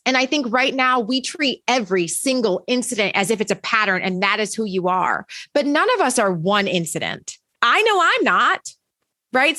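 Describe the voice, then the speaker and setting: A woman's voice: mid-range voice, bright, forceful tone, dry recording. A woman who teaches college, answering in a podcast interview with earnest, emphatic storytelling.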